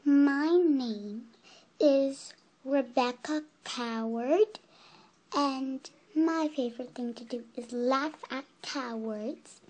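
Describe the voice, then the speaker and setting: A child voicing a mean, teasing pet girl who speaks loud and snide. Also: sits high, drawn-out words, slight background noise.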